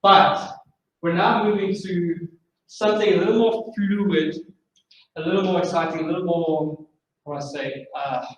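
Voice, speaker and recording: A man with a high voice teaches a drumming masterclass, counting the beats out loud as he explains each rhythm. He is recorded from far off in a very echoey room, with faint noise behind him. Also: steady tone, a little slow. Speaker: drumming instructor. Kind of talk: masterclass lecture.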